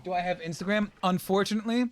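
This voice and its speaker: A young man streaming a game and chatting casually, rambling with many restarts and quick laughs. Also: sits high, steady tone, slight background noise. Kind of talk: casual chat while gaming.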